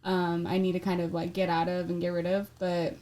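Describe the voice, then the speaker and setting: A woman's voice: fairly low pitch, monotone, fairly quick, warm tone. A woman who works as a tattoo artist, talking casually as a podcast guest and filling her sentences with "like" and "you know.". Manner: chatty, filler-heavy with frequent "like" and "you know".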